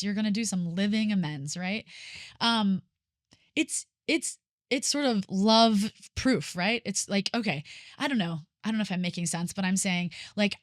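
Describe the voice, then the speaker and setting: A woman hosts a casual podcast conversation in a mid-range voice. She talks in an animated way, thinks aloud, and often checks in with "right?". The close mic sounds dry. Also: mid-range voice, no echo. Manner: animated, searching for words, frequent "right?". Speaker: podcast host.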